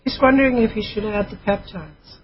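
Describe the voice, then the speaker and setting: A woman with a mid-range voice co-hosts a call-in radio show, briskly reading listener letters aloud in a chatty way full of fillers. The broadcast sounds muffled, with music and a little hiss or hum.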